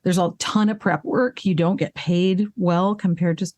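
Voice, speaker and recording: A woman voice actress and singer talking candidly as an interview guest, animated, swearing freely and laughing at herself, with hiccups breaking in now and then. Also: fairly low pitch, moderate pace, no room sound. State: hiccuping and burping. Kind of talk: casual interview conversation.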